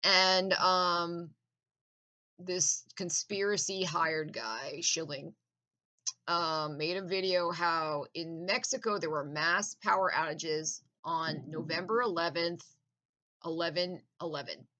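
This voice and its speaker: A woman's voice: on the low side, fairly even intonation, takes it slowly, bright, forceful tone, dull audio. A woman in a casual, profane, intense rant with laughing asides.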